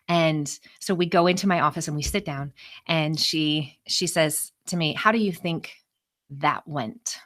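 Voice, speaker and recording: Low-voiced expressive woman speaker. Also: measured pace. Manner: expressive, animated storyteller. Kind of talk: storytelling talk to a live group.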